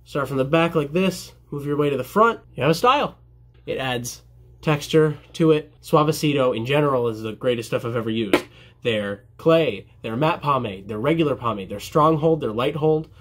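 A man's voice: medium pitch, lively intonation, normal speed, a little hiss or hum. A young man, a barber, answering viewer questions in a casual vlog, joking at his own expense and mimicking his customers. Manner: jokey, self-deprecating, mimics customers.

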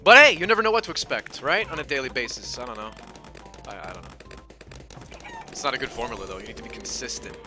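A man streaming a game, rambling and swearing, swinging between loud outbursts and low mumbling. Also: expressive, fast talker, long pauses. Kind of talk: casual live-stream commentary. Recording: faint game music behind.

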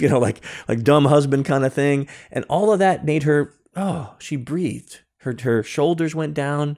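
On a remote podcast call, a male guest who works as a security consultant tells a story from his own life, performing bits of dialogue with many restarts. His voice is medium in pitch and a little mellow, and he talks at normal speed with few pauses.

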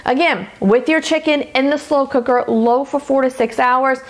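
A woman's voice: high-pitched, moderate pace. Chatty Louisiana woman teaching recipes. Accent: Louisiana Southern. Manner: chatty, upbeat, addresses viewers as gang and y'all. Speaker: dietitian and cooking host. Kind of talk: casual cooking tutorial.

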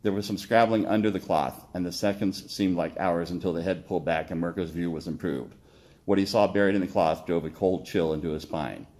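A man reading his own story aloud, steady with occasional slips and self-corrections. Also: low-pitched, a little fast.

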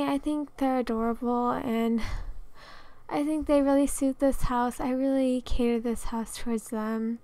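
A woman's voice: sits high, darkish tone, clean tone, no echo. A young woman chatting casually over a game video, rambling with lots of fillers and little laughs. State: out of breath. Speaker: Sims builder and video creator.

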